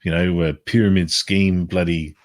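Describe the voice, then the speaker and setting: Brief: low-pitched man, rambling guest, casual chat, salty language. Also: little pitch movement, normal speed. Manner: rambling, swears freely. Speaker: live stream guest.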